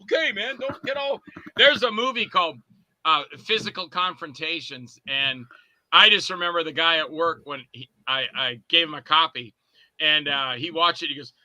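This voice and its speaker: Man, filmmaker guest, casual rambling stories, sharp bright tone. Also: on the high side, normal speed, no echo, rough recording. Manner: rambling storyteller, acts out scenes in character voices. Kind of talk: casual anecdotes.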